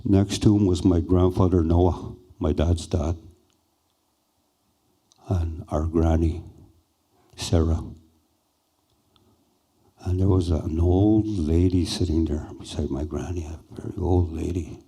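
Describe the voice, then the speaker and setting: An older man slowly and haltingly recounting a personal experience as a speaker at a conference. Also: low-pitched, fairly even intonation, mellow, husky. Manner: slow, halting, reflective. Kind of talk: personal storytelling.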